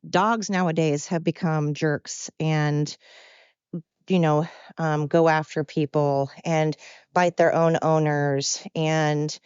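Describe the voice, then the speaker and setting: Woman podcast host, low voice, opinionated and blunt, rambles freely. Dry, dull lo-fi recording. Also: flat delivery, slow, darkish tone, clear, resonant tone, dry recording. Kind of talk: casual solo monologue.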